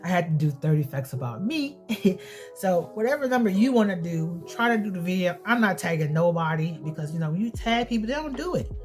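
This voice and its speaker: Low-voiced woman, blunt vlog chat. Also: animated, fairly quick, a little mellow, faint music behind. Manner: blunt, swears freely, repeats herself. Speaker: beauty and family vlogger.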